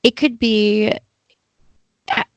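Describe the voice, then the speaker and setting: A woman's voice: a little high, steady tone, very slow, no room sound, lo-fi sound. Indignant, sarcastic woman podcaster. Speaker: podcast co-host. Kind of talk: casual podcast commentary.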